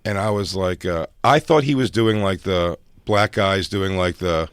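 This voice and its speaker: Low-voiced comic guy rambling thru a story, swears a lot, slips into quick voices. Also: clear, resonant tone, no room sound, clean studio sound. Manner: rambling, profane, does quick voices of people in his stories. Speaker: comedian podcast host. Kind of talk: casual storytelling banter.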